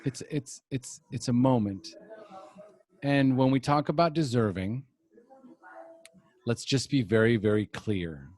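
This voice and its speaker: A man's voice: mid-range voice, measured pace, long pauses, darkish tone, dry recording. A man hosting a recovery podcast, talking earnestly and reflectively in long thoughtful stretches. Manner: earnest, reflective, speaks in mini-lectures. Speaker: podcast host.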